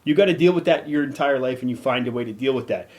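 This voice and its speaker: A middle-aged podcast host launches into an angry rant, cursing heavily with a heated, emphatic delivery. His pitch is medium, his pace quick, and his tone a little mellow.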